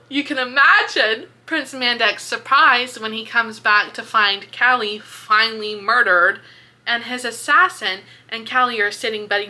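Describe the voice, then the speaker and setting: A woman casually retelling a book's plot in a video review, chatty and animated, swearing and filling with "like". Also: a little high. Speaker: book reviewer. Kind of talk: casual book-review vlog.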